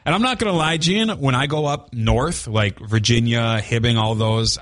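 Minnesotan radio co-host, mid-pitched man. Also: normal speed, few pauses, fairly bright tone, no room sound, studio quality. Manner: joking, chatty, walks through study results. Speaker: radio morning show co-host. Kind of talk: casual on-air banter. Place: radio studio. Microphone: studio microphone.

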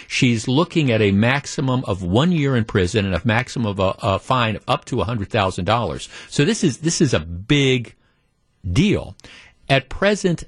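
A man's voice: medium pitch, no echo, clean studio sound. A man hosting a talk radio show, telling a story with animation and acting out the quotes.

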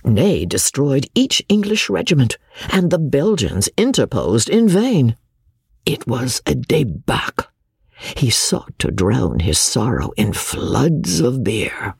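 Slow, gravelly male storyteller. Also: medium pitch, no echo, studio quality. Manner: expressive storyteller's reading. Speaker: narrator. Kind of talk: audiobook narration.

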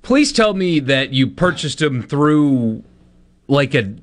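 A man's voice: a little high, very animated, slow. A man co-hosting a sports radio show, chatting and joking casually with his colleagues. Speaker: radio co-host.

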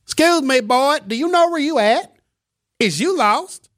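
A man voicing a hostile small-town man with a put-on Southern accent, high and drawling. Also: lively intonation, a little slow, fairly bright tone, exaggerated voice. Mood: menacing.

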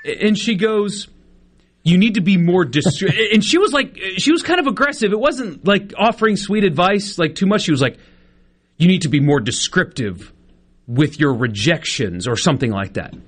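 A man in his thirties on a sports talk radio show, his voice a touch high and swinging widely as he tells an indignant story. He stammers and restarts, piling up outrage. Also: very animated, moderate pace, fairly bright tone, breathy edge. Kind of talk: casual radio banter.

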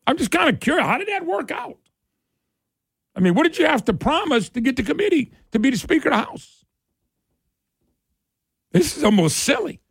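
Sing-song and a little fast, a political talk radio host goes on a sarcastic, folksy rant, leaving long pauses. He has a high voice with gravelly fry. The close, dry studio recording has no room sound.

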